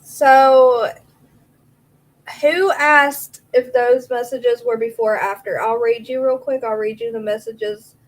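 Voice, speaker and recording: A woman's voice: fairly high pitch, fairly even intonation, takes it slowly, rough recording. A woman hosting a true crime live stream, chatting casually, answering viewers by name and reading messages aloud.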